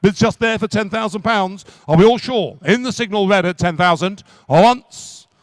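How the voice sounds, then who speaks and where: A man working as an auctioneer at a live car auction, calling bids in quick repetitive runs. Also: high voice, no echo. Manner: rapid repetitive bid calling.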